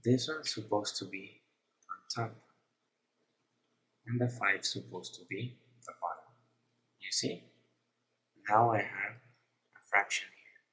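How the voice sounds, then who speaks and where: Man, software tutorial narration, low voice, slow and step-by-step. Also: slight background noise, poor audio. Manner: unhurried, plain step-by-step explaining. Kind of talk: screen-recorded tutorial narration.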